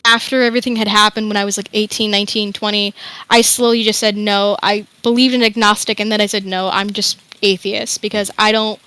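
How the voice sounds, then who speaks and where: A woman's voice: mid-range voice, flat delivery, a little fast, pushed and bright, clean tone, no echo, low-quality recording. A young woman guest telling a candid, rambling personal story, sometimes swearing. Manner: rambling, emotional, swears freely. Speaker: interview guest.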